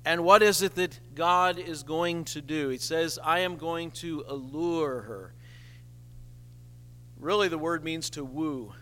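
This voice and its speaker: A man preaching a sermon as pastor, slow and emphatic with dramatic pauses. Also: fairly high pitch, fairly bright tone, big-room sound, a little hiss or hum.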